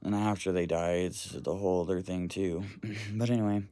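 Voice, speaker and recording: A man's voice: low-pitched, fairly even intonation, moderate pace, dark tone. A man talking casually to camera, earnestly retelling a story in a rambling way and swearing now and then. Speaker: vlogger.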